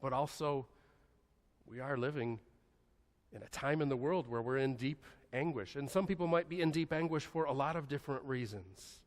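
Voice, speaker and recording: Male pastor preaching in a church sanctuary, gentle hushed delivery with long pauses, mid-pitched, long reverb. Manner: slow, soft-spoken, with long pauses and dropping to a hushed voice. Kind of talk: sermon. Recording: echoey church hall.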